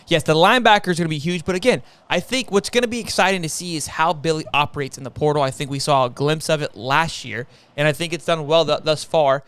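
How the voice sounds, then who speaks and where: Excitable young man hosting sports talk. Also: fairly high pitch, fast talker, few pauses, clear, resonant tone, no echo. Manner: energetic, repeats words often. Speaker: host. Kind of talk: casual sports talk stream.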